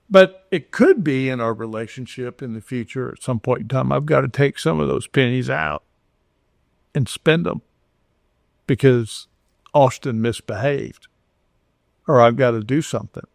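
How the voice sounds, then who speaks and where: A man's voice: mid-range voice, measured pace, vocal fry, pauses often, no room sound, clean studio sound. An older man from Houston, Texas, talking earnestly as a podcast guest, with frequent restarts and acted-out dialogue. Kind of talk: conversational storytelling.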